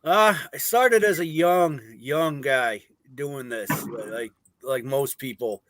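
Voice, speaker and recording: A man's voice: medium pitch, slow pace, dry recording. A man guesting on a paranormal talk show, telling stories at an easy pace. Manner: relaxed storyteller, many uh fillers. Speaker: guest paranormal investigator and clown performer. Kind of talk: casual chat.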